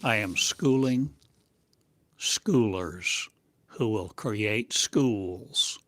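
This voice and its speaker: Slow, low-voiced man giving a channeled sermon. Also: fairly bright tone, no room sound. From United States. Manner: slow, halting, cryptic phrasing. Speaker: spiritual teacher. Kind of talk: channeled spiritual monologue.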